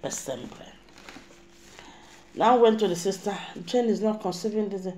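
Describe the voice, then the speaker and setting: A woman's voice: medium pitch, expressive, unhurried, warm tone. A middle-aged woman with a Nigerian accent, giving an emphatic, rambling spiritual monologue to camera as a vlogger. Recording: echoey room.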